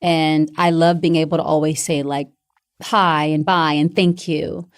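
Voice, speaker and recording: A woman's voice: low-pitched, flat delivery. A young woman from the American South with a Southern accent, chatting casually and playfully as a guest. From Decatur, Georgia. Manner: playful, quick to break into impressions and other languages. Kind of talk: casual chat.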